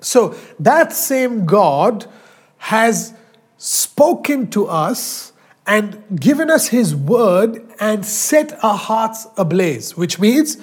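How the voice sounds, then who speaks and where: A man preaching a sermon as pastor, emphatic, slowing down and stretching out key phrases. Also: high-pitched, very animated, husky. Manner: emphatic, drawn-out preaching with slow stressed phrases.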